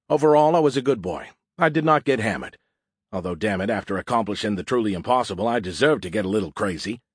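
Brief: male audiobook narrator, husky voice, dry close mic, wry and conversational. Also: on the low side, dry recording. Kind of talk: first-person audiobook narration.

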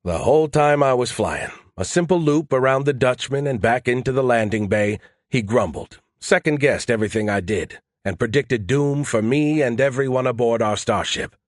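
A man's voice: medium pitch, moderate pace, no room sound. A man narrating a first-person audiobook in a dry, wry, matter-of-fact way.

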